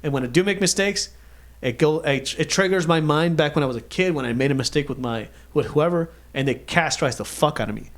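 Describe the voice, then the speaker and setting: A man's voice: fairly high pitch, fairly quick. A man co-hosting a casual podcast, telling a story with lots of swearing and acted-out quotes. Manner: animated, acts out quotes, swears a lot. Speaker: podcast co-host.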